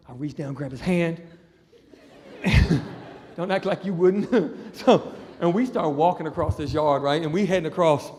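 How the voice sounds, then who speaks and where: Man, stand-up comedian, high voice, animated storytelling, long hall reverb. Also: moderate pace, a little hiss or hum. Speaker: comedian and juggler.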